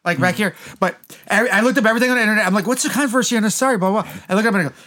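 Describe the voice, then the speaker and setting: A man's voice: high voice, very fast, pushed and bright. A man in casual chat who talks eagerly and asks his co-hosts a lot of questions. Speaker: podcast co-host.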